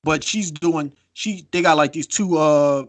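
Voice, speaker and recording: A man co-hosting a podcast in casual chat, telling a story with lively acted-out quotes and free swearing. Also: a little high, measured pace, no room sound. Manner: animated storytelling, acts out quotes, swears freely. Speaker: podcast co-host.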